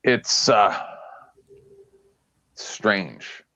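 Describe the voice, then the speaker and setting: A man's voice: fairly low pitch, animated, extremely slow, sharp tone, dry recording. A man hosting a casual political chat and questioning the other speakers with wry sarcasm. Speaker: host. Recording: muffled dry stream audio.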